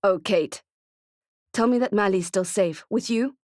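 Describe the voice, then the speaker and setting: A woman voicing Keke, a tough, frantic female friend who talks bluntly and swears, in a dark thriller audiobook. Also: medium pitch, measured pace, dry recording, studio quality, lightly acted. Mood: urgent.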